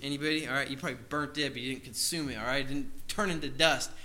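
A man's voice: medium pitch, steady tone, fast talker, sharp tone. A male preacher retelling a scripture story in a conversational sermon, with frequent asides to his listeners.

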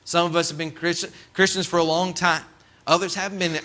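A man's voice: on the high side, a little fast. A man from California, an assistant pastor, preaching a conversational sermon full of stories and calling out "Amen?" to the congregation. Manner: animated, acts out quoted voices, calls "Amen?" to congregation.

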